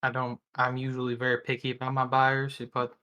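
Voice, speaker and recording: Player doing nervous male animal merchant, polite, apologetic, bright tone. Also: medium pitch, monotone, a little fast, highs cut off, voice pushed down, lightly acted.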